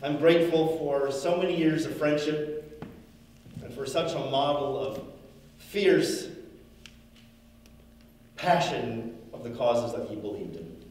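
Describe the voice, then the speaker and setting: A man's voice: mid-range voice, slow pace, pauses often, a little mellow, a little hiss or hum. A man speaking at a memorial, reading a letter aloud in an imitation of the late man's voice. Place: large synagogue hall. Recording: echoey hall from far off.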